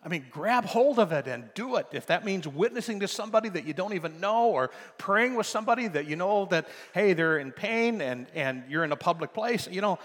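Older pastor preaching in an echoey hall. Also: male voice, high voice, expressive, fairly quick, few pauses. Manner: builds from soft storytelling to loud emphatic preaching. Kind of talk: sermon. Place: church sanctuary. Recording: long hall reverb.

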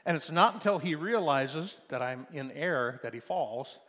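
A man preaching a sermon, animated and emphatic, his voice climbing to loud peaks. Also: fairly high pitch, a little slow, long reverb tail.

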